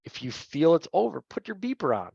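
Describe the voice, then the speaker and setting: A man's voice: on the high side, very animated, fairly quick, gravelly, darkish tone, slightly rough, dry recording. A man teaching a referee training session in a conversational way, often checking in with "right?". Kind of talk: training lecture. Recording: dull, dry lo-fi sound.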